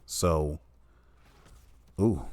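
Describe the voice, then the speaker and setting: A man's voice: rumbling low, drawn-out words, a little mellow, no echo. A man delivering a blunt, heavily profane opinion monologue, stressing his points hard and often checking in with "you know what I'm saying.". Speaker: commentator.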